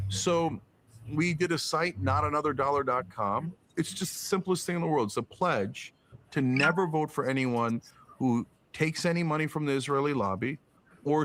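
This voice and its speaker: A man's voice: fairly high pitch, a bit bright, a little hiss or hum. Emphatic, profane man ranting politics. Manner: emphatic, profane, rhetorical questions, mocking put-on quotes. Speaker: podcast guest. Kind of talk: political commentary in conversation.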